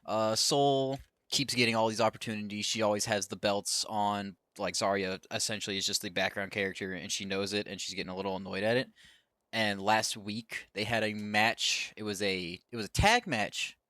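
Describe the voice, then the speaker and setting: Male podcast host, lowish voice, rambly casual delivery, dry close mic. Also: steady tone, moderate pace, pushed and bright, smooth, dry recording. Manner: rambling, loose, swears freely, acts out quotes. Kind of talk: casual chat recapping wrestling.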